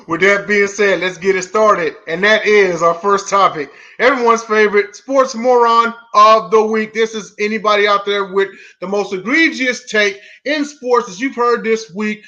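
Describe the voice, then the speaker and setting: A man's voice: high voice, a little slow, sharp tone, muffled recording. A man hosting a casual sports podcast, joking and laid-back as he runs the show. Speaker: podcast host.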